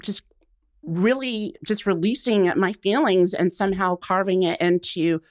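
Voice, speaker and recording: A woman being interviewed, telling her story in an animated, laughing way and acting out what people said to her. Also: mid-range voice, a little slow, dry recording, clean studio sound. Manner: animated, laughs often, acts out quotes. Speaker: guest. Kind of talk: casual interview chat.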